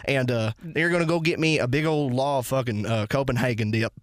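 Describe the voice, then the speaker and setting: A man's voice: mid-range voice, fairly quick, no echo, clean studio sound, lightly acted. A man voicing a crude, folksy southern uncle with a put-on Southern accent and a drawling, cussing manner. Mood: advising. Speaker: podcast co-host.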